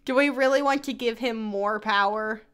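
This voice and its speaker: A woman's voice: fairly high pitch, moderate pace, a bit bright, smooth. A woman streamer in casual gaming chat, playful with dramatic outbursts and giggles.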